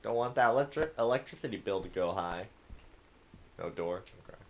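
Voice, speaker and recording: A man's voice: animated, a little fast. A man playing a game and casually commenting, muttering and reading notes aloud. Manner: mutters, reads documents aloud in a low murmur. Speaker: let's play gamer.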